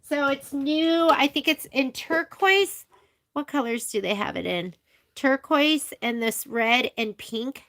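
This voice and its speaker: A woman's voice: high-pitched, lively intonation, takes it slowly, fairly bright tone. A woman chatting as she runs a live machine embroidery demo in a sewing shop, thinking aloud while she works. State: coughing at times.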